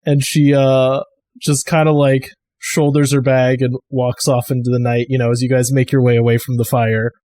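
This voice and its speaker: A man's voice: medium pitch, little pitch movement, normal speed, dark tone, no room sound. A man narrating a tabletop game as game master, casual and chatty with many fillers.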